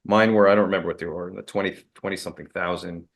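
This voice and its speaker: Interview guest: man, low voice, candid, loose rambling delivery. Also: fairly even intonation, rapid-fire, creaky. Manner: candid, rambling with fillers and restarts. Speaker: guest, martial arts expert. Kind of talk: casual interview storytelling.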